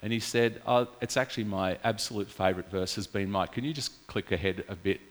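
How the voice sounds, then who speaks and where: A man's voice: lowish voice, fairly quick. A man preaching a casual, story-filled sermon in a church. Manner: chatty, storytelling, animated with laughs. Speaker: pastor. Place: church hall. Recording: reverberant church hall.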